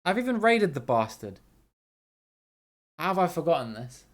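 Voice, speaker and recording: A man's voice: fairly high pitch, very animated, moderate pace. A man hosting a casual live stream of a geography guessing game. He chats with viewers, reads their names out, laughs easily and swears now and then.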